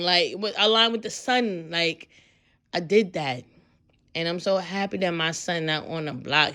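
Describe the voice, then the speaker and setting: A woman in her thirties giving a loud, profane, animated pep talk as a tarot reader, acting out voices as she goes. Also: medium pitch.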